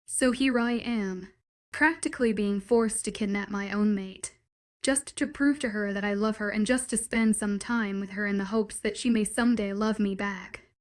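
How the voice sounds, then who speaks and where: A woman's voice: mid-range voice, moderate pace, natural voice. A woman reading the lines of a possessive young male werewolf, pleading with intense declarations. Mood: desperate, possessive.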